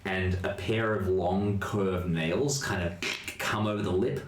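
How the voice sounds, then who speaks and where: A man narrating a tabletop horror game as game master, describing scenes with hesitant pauses. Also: sits low, reverberant.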